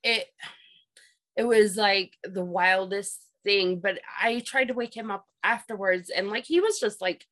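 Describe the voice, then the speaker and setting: On poor audio, a woman speaks a little slowly in a medium-pitched, slightly bright voice. She's a guest in a relaxed conversation recounting her own paranormal encounter, wandering off track, going over the same ground, and filling gaps with many fillers.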